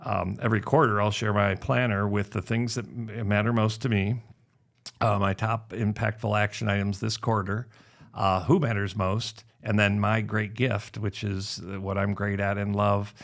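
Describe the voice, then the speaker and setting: A man's voice: on the low side, moderate pace, vocal fry. A middle-aged man talking as a podcast guest in casual conversation, telling stories animatedly and acting out what people said. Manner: animated storytelling, acts out quoted voices.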